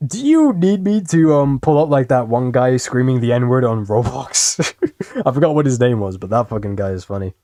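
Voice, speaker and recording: A man's voice: mid-range voice, moderate pace, dark tone, dry recording. A young man casually rambling and swearing while commenting on videos as a streamer. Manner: rambling, swears freely, self-deprecating.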